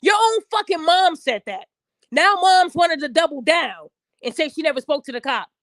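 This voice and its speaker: A woman's voice: high-pitched, expressive, normal speed, a bit bright, no echo. A woman podcast host delivering a heated, profane opinion rant straight at her listeners. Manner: addresses listeners directly.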